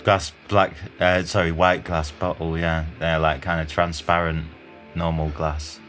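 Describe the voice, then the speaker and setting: A man's voice: sits low, level tone, unhurried, fairly bright tone, soft background music. A man telling a rambling story in casual chat, full of fillers and hesitations.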